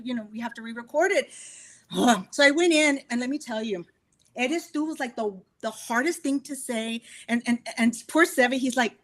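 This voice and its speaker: Texas woman, guest on a radio show, chatty, laughs a lot, voice on the high side. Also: fairly quick, fairly bright tone. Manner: chatty storyteller, laughs often. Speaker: guest musician. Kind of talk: casual radio interview chat.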